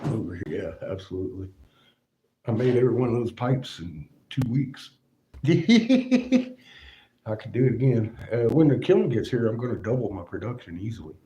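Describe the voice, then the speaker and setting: Against a noisy background, a very animated man with a mid-range voice chats casually at normal speed on a livestream from his glassblowing workshop. He laughs often, swears freely, and rambles through his stories.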